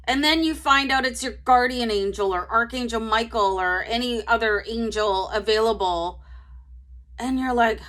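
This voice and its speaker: A woman's voice: a little high, normal speed, bright, forceful tone. A woman giving a casual tarot reading to her viewers, chatty and rambling, breaking into laughter often. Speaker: tarot reader.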